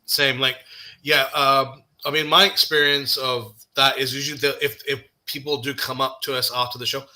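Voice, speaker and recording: A man co-hosting a casual chat, joking around and cheering others on, often tripping over his own words. His voice is very bright and cutting. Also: mid-range voice, little pitch movement, moderate pace.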